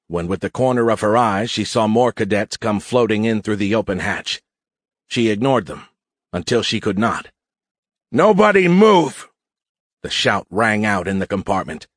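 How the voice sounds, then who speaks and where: A man reading a science fiction audiobook as narrator, in steady, even storytelling. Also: lowish voice, dry recording, clean studio sound. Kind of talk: scripted narration.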